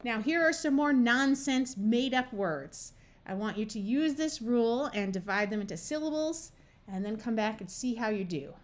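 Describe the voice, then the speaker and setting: A woman's voice: fairly high pitch, expressive, moderate pace. A woman with an American accent teaching a phonics lesson as a reading tutor, patiently spelling out sounds and words one by one. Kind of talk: slow, careful phonics lesson.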